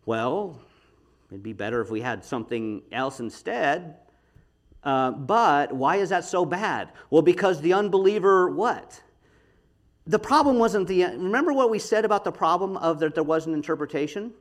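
A middle-aged man teaching a Bible study in a chatty, animated way, laughing often and checking in with his listeners. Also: on the high side, moderate pace. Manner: animated, chatty, laughs often, talks to the audience with frequent "okay?".

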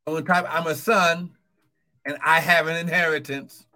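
High-pitched, fervent preacher man. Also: steady tone, moderate pace. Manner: fervent, bursts into shouts of "woo, glory"; calls out repeated encouragements to listeners. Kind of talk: sermon. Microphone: streaming live to online viewers.

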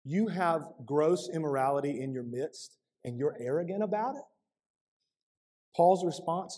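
A man's voice: on the high side, a little slow, mellow. A male pastor preaching a sermon in a church, emphatic and driving points home with repeated rhetorical questions.

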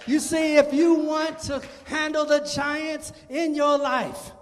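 A male preacher delivers a fervent sermon in a very high voice and breaks into shouts to drive points home. His voice rings through a church sanctuary with a long, hanging reverb.

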